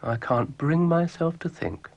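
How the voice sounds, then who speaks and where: A man's voice: fairly high pitch, measured pace, creaky, highs cut off, pitched above the performer's own voice. A man voicing a grumpy, sardonic male dog who grumbles dry, weary quips.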